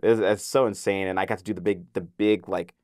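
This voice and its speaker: A young man, a voice actor guest, telling an excited story in a casual interview, full of filler words and acted-out quotes. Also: low-pitched, fairly quick, no room sound, clean studio sound.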